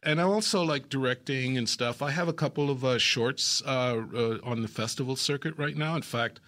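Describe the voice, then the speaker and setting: A man's voice: medium pitch, normal speed. A middle-aged man, an actor, telling behind-the-scenes stories as a guest in a casual interview, acting out the lines he quotes. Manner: animated raconteur who acts out quoted lines.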